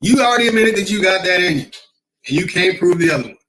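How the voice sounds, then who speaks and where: A man's voice: high voice, lively intonation, quick pace, bright, forceful tone, poor audio. A man hosting a casual livestream, talking in a rambling, emphatic way, often repeating himself and reading comments from the chat. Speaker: livestream host.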